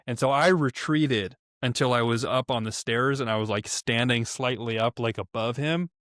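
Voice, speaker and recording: A young man telling a story on a podcast in a casual, profane, animated way, acting out quotes in raised voices. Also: mid-range voice, moderate pace, dry recording, studio quality. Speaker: podcast co-host.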